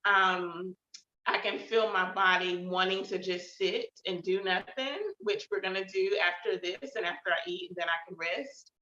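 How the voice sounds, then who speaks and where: A woman hosting her own show talks casually and reflectively about how she is feeling, with many fillers, in a personal check-in. Her mid-range voice has a sharp tone and moderate pace, and the recording sounds roomy and slightly dull.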